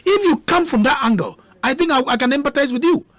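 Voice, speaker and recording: A man's voice: very high voice, lively intonation, fast, fairly bright tone, no room sound. A man with a Ghanaian accent, arguing heatedly as a guest in a radio debate, combative and repeating words for emphasis.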